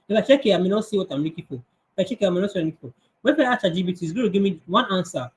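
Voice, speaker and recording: A man's voice: high voice, racing, rough recording. A man, teaching kids coding on a video call and answering their questions, his voice a bit strained. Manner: conversational, answers questions, restarts often. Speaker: coding instructor. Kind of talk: online class Q&A.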